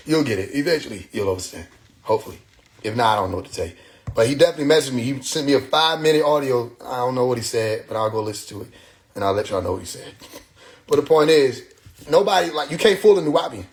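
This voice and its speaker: Talking fast and expressively at a medium pitch, a man rambles through a casual livestream on his phone. He swears freely and keeps slipping into quoting other people.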